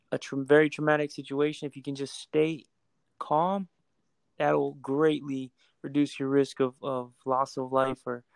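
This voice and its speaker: A man telling his own story in a casual chat, earnest and calm, often repeating words as he goes. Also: a little high, vocal fry, smooth, no echo.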